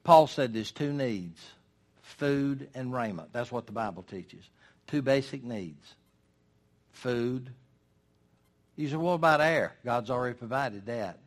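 An older man delivers a sermon in an emphatic, folksy style. His mid-range voice drives each point home and leans on dramatic pauses. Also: medium pitch, a little mellow. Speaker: preacher.

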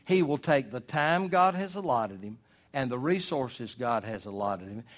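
An older man delivers a sermon in an emphatic, folksy style. His mid-range voice drives each point home and leans on dramatic pauses. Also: mid-range voice, expressive. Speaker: preacher.

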